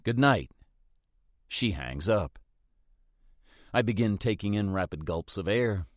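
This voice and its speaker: A man reads a first-person thriller with a tense, suspenseful delivery. His voice sits on the low side. The recording is dry and close. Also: expressive, unhurried, no room sound. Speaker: audiobook narrator. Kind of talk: first-person scripted narration.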